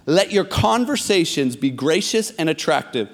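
A man with a high, bright voice preaches to his congregation with lively, self-deprecating storytelling. He acts out the quotes loudly and with energy. His voice rings with the long reverb of a large church hall. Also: moderate pace. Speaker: pastor. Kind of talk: sermon with personal storytelling. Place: church sanctuary.

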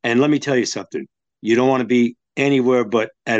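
An older American man hosting talk radio and signing off the show. He rambles in a folksy way and often restarts his sentences. His voice sits at a middling pitch. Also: fairly even intonation, quick pace, dry recording, lo-fi sound.

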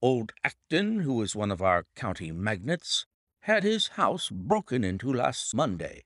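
A man's voice: medium pitch, sing-song, unhurried, fairly bright tone, no room sound, clean studio sound. A man doing a bluff country colonel. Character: bluff, hearty country colonel, middle-aged.

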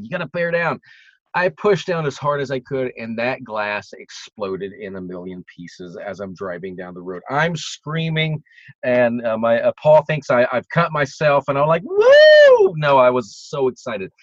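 Animated male vocal coach, lo-fi. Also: medium pitch, dry recording. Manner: animated, bursts of excitement. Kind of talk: storytelling in casual chat. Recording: dry, dull lo-fi sound.

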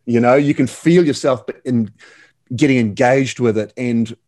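A man's voice: medium pitch, unhurried, darkish tone. Enthusiastic man, slangy. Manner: enthusiastic, slangy, calls the host mate. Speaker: guest. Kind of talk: casual interview chat.

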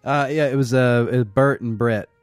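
Man, podcast co-host, enthusiastic, profane, mid-pitched voice, faint music underneath. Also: moderate pace, clear, resonant tone, no room sound. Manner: enthusiastic, profane, animated retelling. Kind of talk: casual movie-discussion banter.

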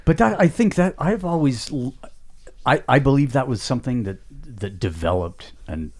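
A man in a casual podcast chat works through his thoughts with frequent pauses and fillers. His voice has a medium pitch and an easy, conversational tone. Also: expressive, a little mellow. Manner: thoughtful, hesitant, many fillers. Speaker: podcast co-host.

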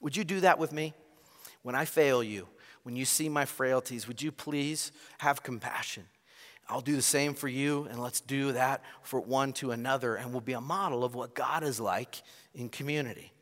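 A man's voice: medium pitch, moderate pace, fairly bright tone. A man preaching a sermon as pastor, earnest and direct, appealing straight to his congregation in a church. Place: church sanctuary. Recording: long reverb of a large hall.

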